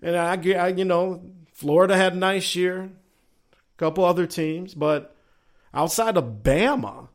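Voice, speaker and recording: A man's voice: sits high, a little slow. A man with a Southern accent hosting a casual sports talk show, musing aloud and reading chat messages in a folksy, drawling way.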